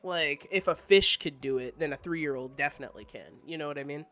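A woman's voice: low voice, a little fast, a bit bright. A woman co-hosting a casual nerd-news podcast, talking bluntly and emphatically and swearing freely. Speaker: podcast co-host. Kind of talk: casual chat.

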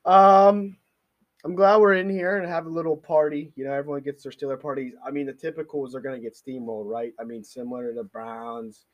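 A man co-hosting a sports podcast, giving his opinions in casual, animated banter. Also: medium pitch, fairly quick, lo-fi sound.

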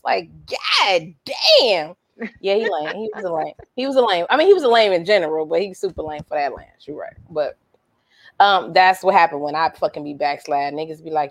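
A woman telling a story in casual chat, profane and animated, acting out what others said and laughing often. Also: on the low side, brisk. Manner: animated and profane, acts out quotes in other voices.

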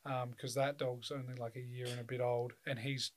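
A man's voice: medium pitch, level tone, normal speed. A young man chatting casually, telling loose stories full of swearing and laughter. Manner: loose, swearing storyteller who laughs often. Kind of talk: casual chat.

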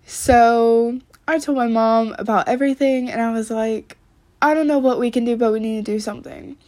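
A woman's voice: fairly high pitch, steady tone, moderate pace, darkish tone. A woman talking casually to camera in a rambling way, full of "like" and swearing. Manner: rambling, heavy use of "like", frequent swearing. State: upset, close to tears. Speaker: vlogger.

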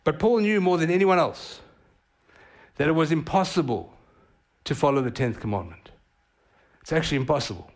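Preaching with animation, this pastor has a slightly high-pitched male voice. His sermon is sprinkled with quick, casual asides.

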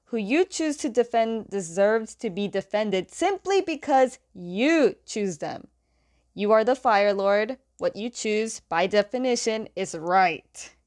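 A woman's voice: medium pitch, expressive, takes it slowly, a little mellow. A woman voicing a cold, manipulative older father as she retells a story, speaking in a scornful, condescending way.

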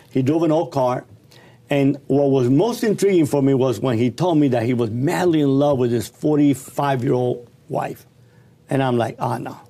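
A middle-aged man telling his life story in a casual, animated, slangy and blunt way. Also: mid-range voice.

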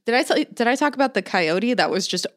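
A woman's voice: fairly high pitch, lively intonation, quick pace. A woman in casual chat, swearing freely and mimicking people as she tells stories.

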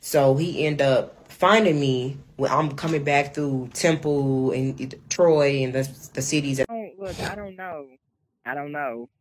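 A woman's voice: deep voice, unhurried, low-quality recording. A woman truck driver, a guest on a casual interview, telling her story in a rambling way with many "like"s and restarts. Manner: rambling, quotes people, frequent "like"s and restarts.

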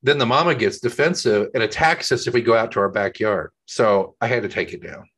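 A man co-hosting a podcast from his home office, chatting casually and telling animated anecdotes. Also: lowish voice, brisk, breathy edge. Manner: animated storyteller, acts out voices in his anecdotes. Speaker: podcast co-host. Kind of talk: casual chat.

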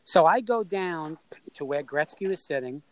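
A middle-aged man from New York tells a story in a relaxed, conversational way. His voice sits fairly high, and he keeps jumping into the voices of the people in it. The sound is close and dry, with no room around it. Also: moderate pace, no room sound, low-quality recording. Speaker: storyteller guest. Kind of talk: casual anecdote telling.

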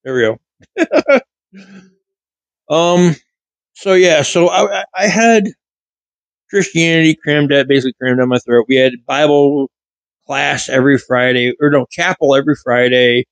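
This vlogger's voice is a little high, and he talks a bit slowly with frequent pauses. He rambles through a casual storytelling monologue, often correcting himself, into a studio mic with a pop filter, giving a rough recording with no room sound.

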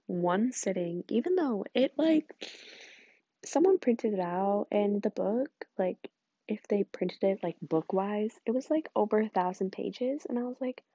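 A teenage girl rambles through a casual vlog story, gushing and animated, with plenty of swearing and filler words. Her voice has a gravelly fry and a mellow, darker tone. The sound is muffled and a little lo-fi. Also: mid-range voice, dry recording. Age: teens. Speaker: vlogger. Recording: muffled lo-fi mic.

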